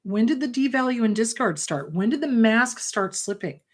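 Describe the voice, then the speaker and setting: A middle-aged woman therapist hosting a live advice show, answering viewer questions in an emphatic, warm and reassuring way. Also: on the high side, animated, normal speed. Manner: emphatic, warm and reassuring, calls listeners sweetheart.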